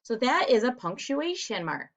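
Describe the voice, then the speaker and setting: A woman teacher walking young children through a writing lesson in a slow, deliberate, encouraging way. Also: a little high, very animated. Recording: dull, lo-fi home recording.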